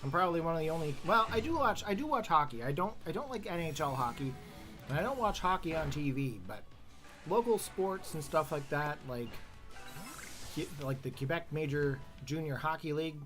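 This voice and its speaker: Chatty Canadian man, fairly high voice. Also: lively intonation, brisk, fairly bright tone, soft background music. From Canada, northern New Brunswick. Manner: chatty, laughs often, self-deprecating. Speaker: streamer. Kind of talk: casual live-stream chat while gaming.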